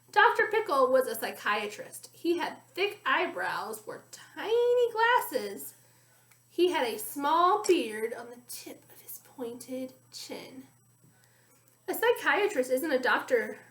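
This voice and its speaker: A woman reading a children's chapter book aloud, friendly and expressive. Her voice sits high. The recording has an echoey room sound. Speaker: story reader.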